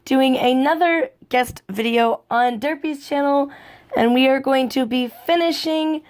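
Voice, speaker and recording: A woman's voice: high voice, unhurried. A young woman casually reading a fan-fiction story aloud, doing the characters' lines in livelier voices. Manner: reads all parts, lively quoted voices. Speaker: audiobook reader.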